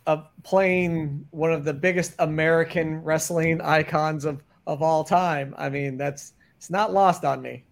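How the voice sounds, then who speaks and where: Gravelly, higher-voiced male podcast host. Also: fairly even intonation, measured pace, hardly any pauses. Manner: conversational questioning. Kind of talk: casual interview chat.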